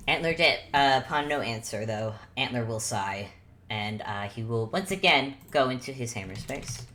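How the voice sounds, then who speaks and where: A woman's voice: very deep voice, expressive, unhurried, fairly bright tone, slight background noise. A woman running a tabletop game as game master, narrating in a rambling, self-correcting way with frequent laughs.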